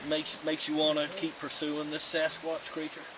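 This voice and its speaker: A man playing an earnest, deadpan male TV field reporter in an improvised comedy, recorded outdoors. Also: fairly high pitch, normal speed, crowd noise, close to an everyday voice, low-quality recording. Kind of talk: improvised comedy role-play. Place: outdoors in the woods. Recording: outdoor camera audio with background noise.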